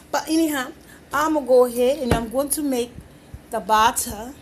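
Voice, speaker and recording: A woman's voice: high voice, normal speed, long pauses, noisy background. A woman in her home kitchen demonstrating a recipe, chatting playfully and folksily with her viewers. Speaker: home cook. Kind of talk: cooking demonstration.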